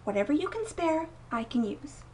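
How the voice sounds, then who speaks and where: A woman voicing a gentle, humble young girl who speaks softly and politely. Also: sits high, very animated, moderate pace, a little hiss or hum, voice pushed up. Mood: hopeful. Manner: soft, polite and hopeful. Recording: voice a bit distant from mic.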